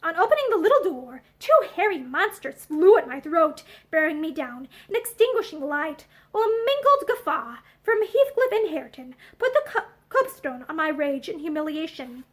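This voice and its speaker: A woman reading a classic novel aloud in an expressive, animated way, seated indoors before a camera. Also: high-pitched, normal speed, hardly any pauses. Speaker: audiobook reader.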